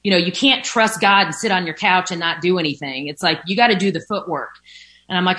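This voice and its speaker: This recovering alcoholic talks fairly fast in a fairly low, bright voice with a forceful edge. Sitting by a window at home, she gives a frank personal testimony about her recovery from addiction, full of fillers and now and then a curse.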